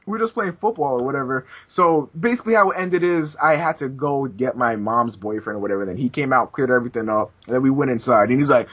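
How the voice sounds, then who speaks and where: A young man hosting a casual podcast, telling crude stories with loud acted-out quotes. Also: medium pitch, quick pace, hardly any pauses, slightly rough. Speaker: podcast host. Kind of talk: casual gaming podcast chat. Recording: dull lo-fi voice chat audio.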